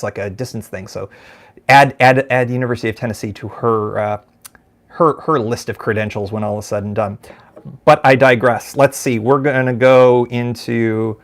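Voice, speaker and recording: Rambling American man hosting a live show. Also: medium pitch. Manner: rambling, self-deprecating, lots of fillers and restarts. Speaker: podcast host. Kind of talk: casual live-stream chat. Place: home room.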